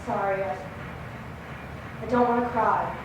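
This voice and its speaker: A young woman playing an impulsive, dramatic newlywed wife, talking emotionally, sometimes shouting and near tears. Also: very high voice, big pitch swings, fast. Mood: tearful. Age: young adult. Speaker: student actor. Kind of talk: stage acting in a class play. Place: classroom stage. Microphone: distant camera. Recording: echoey room from far off, faint noise.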